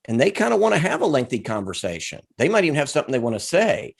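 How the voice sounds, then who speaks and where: Man co-hosting a business podcast, measured and explain-y, casual chat. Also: mid-range voice, very animated, creaky, breathy edge. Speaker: co-host.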